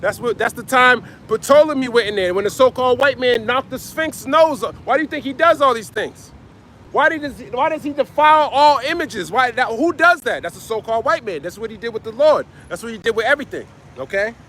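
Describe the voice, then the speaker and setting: A man's voice: very high voice, lively intonation, a little fast, fairly bright tone, a little hiss or hum. A man preaching on a livestream in blunt, slangy street talk, answering his chat and ending his lines with "man". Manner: blunt, slangy, repeats "man" at line ends.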